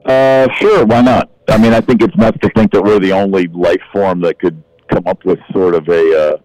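A man's voice: low-pitched, fairly even intonation, brisk, dark tone, low-quality recording. A male podcast guest speaking in a blunt, skeptical way, often restarting his sentences. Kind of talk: casual interview chat.

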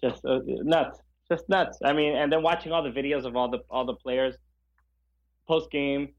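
A man co-hosting a podcast in casual chat, passionate and halting, often searching for his words. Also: medium pitch, fairly even intonation, lo-fi sound. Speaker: podcast co-host.

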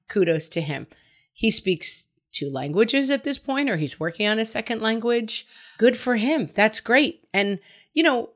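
A middle-aged woman with a fairly low voice talks through a listener's parenting question on her advice show. She sounds casual and reassuring, and she slips into quick asides that act out a worried parent. Her tone stays conversational throughout. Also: fairly bright tone. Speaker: advice podcast host.

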